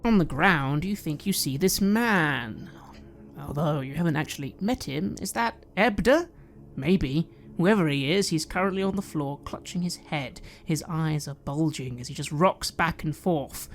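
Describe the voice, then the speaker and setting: A woman's voice: low-pitched, lively intonation, measured pace, a little hiss or hum. A woman running a tabletop game as game master, describing scenes and asking players what they do.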